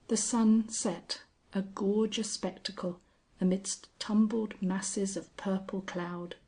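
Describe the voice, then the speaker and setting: A woman narrating a classic tale in a measured reading voice. Her delivery is slow, and her tone is soft and breathy. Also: on the low side. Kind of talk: scripted storybook narration.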